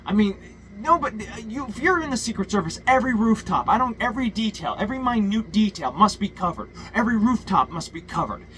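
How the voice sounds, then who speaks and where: A man's voice: high voice, sing-song, brisk, hardly any pauses, fairly bright tone, slight background noise, low-quality recording. A man ranting a political monologue, profane and heated, full of stumbles and restarts. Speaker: political commentator.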